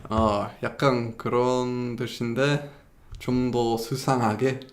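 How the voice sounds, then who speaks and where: Racing along in a flat, mid-range voice, the British teacher keeps his language lesson casual and chatty. He pokes fun at himself, laughs at his own expense, and frequently starts sentences over as he hunts for words, all within a roomy echo.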